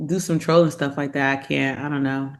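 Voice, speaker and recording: Lively chatty woman podcast co-host. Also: very deep voice, brisk. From immigrant family, not from this country. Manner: animated storyteller, loud put-on quotes of her dad. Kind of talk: casual chat.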